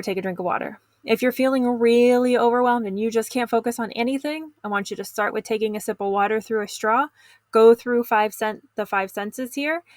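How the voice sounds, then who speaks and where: A middle-aged woman coaching teens in an instructional video lesson, calm and encouraging, speaking straight to the viewer. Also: medium pitch, no echo. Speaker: teen stress coach.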